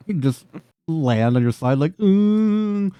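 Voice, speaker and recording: A man runs a tabletop game in an average-pitched voice, recorded dry with little room sound. He keeps breaking into laughter and swears casually as he narrates the chaos. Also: slow, no room sound. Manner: laughs often, swears freely, animated voices for scenes. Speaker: game master.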